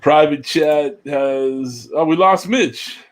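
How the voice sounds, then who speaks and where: A man's voice: a little high, takes it slowly, background noise. A man hosting a casual livestream chat, loose and profane as he brings guests on. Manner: loose, swearing banter. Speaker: host.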